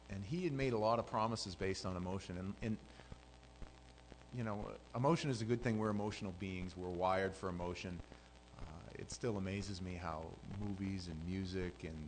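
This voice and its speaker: Guy pastor preaching, deepish voice, gets loud then drops quiet, little hum in the background. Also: poor audio. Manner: animated storytelling, swinging between loud and hushed. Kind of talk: sermon.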